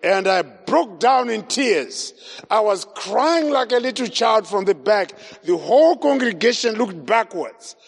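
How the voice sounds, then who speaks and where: High-voiced man giving a dramatic testimony. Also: lively intonation, unhurried, vocal fry, breathy edge. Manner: dramatic storytelling, acting out quoted voices. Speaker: evangelist. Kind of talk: testimony sermon. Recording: long reverb of a large hall.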